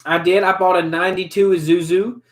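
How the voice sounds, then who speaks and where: A man's voice: high-pitched, little pitch movement, fairly quick. Laid-back young man in an echoey room. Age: 20s. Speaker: host. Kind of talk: casual chat over drinks.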